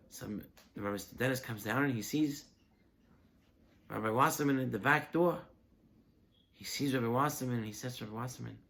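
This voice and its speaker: Gravelly-voiced rabbi telling a story. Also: male voice, mid-range voice, a little fast. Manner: animated storyteller, rhetorical questions. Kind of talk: holiday sermon storytelling.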